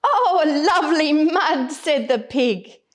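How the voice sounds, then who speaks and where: A woman reads a picture book aloud to young children at a very slow, deliberate pace. Her fairly high voice rises and falls expressively from line to line. She changes her voice for the animals as she goes. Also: lively intonation. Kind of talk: storybook reading for young children.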